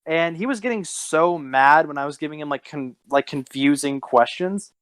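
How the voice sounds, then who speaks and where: A man's voice: a little high, normal speed, a bit bright, smooth, no echo, rough recording. A young man co-hosting a casual podcast, telling long rambling stories and laughing at his own jokes. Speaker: podcast co-host. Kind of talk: casual storytelling chat.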